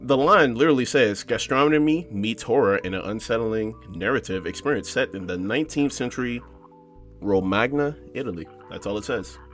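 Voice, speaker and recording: A man's voice: mid-range voice, moderate pace, fairly bright tone, faint music behind. A man casually commentating a horror game for his channel, rambling and joking with his viewers. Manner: rambling, joking, talks to viewers as "bro" and "y'all". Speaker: gaming YouTuber. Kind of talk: casual let's-play commentary.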